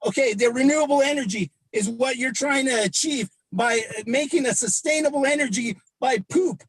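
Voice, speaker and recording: A man's voice: extremely high pitch, moderate pace, husky, no room sound, poor audio. A man giving an agitated public comment over a remote call, stammering and repeating himself.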